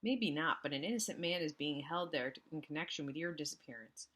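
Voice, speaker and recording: A man's voice: a little high, expressive, brisk, bright, forceful tone. A woman voicing a stern, commanding middle-aged father in a storybook reading, terse and firm.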